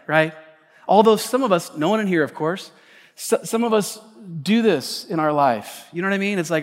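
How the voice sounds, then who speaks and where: High-voiced man preaching in a reverberant church. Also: animated, moderate pace. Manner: conversational preaching with repeated restarts, building to emphatic peaks. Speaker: pastor. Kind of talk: sermon. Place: church sanctuary.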